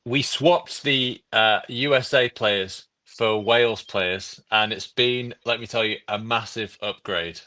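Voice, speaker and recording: A man's voice: lowish voice, slow, few pauses, bright, forceful tone. A man from Yorkshire, a guest football writer, chatting casually with wry jokes and many fillers. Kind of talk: casual podcast chat.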